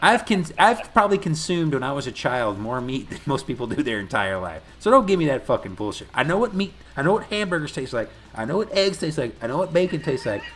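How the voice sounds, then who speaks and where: Talking fast and barely pausing, this co-host has a voice on the high side. On a casual podcast, he excitedly retells a movie scene by scene, cursing a lot and laughing often.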